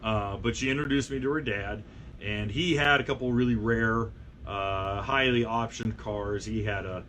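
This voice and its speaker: A man who edits a car magazine, telling a casual anecdote in a rambling way, with fillers and lively acted-out quotes. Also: on the low side, normal speed, a little hiss or hum.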